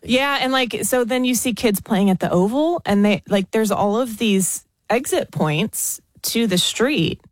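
An American woman chatting as a podcast guest, animated and full of fillers, laughing often. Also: a little high, unhurried, few pauses, no room sound. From United States. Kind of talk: casual podcast chat.

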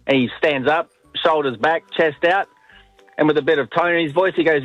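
A man's voice: a little high, brisk, a bit bright, no echo, soft background music. A man calling in to a radio show, chatting and telling a joke after a hesitant start. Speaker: caller. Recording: dull, dry phone line.

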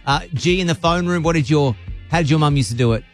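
A man's voice: fairly high pitch, fast, faint music behind. A man hosting a radio show, chatting playfully with callers. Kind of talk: lively radio talk with callers.

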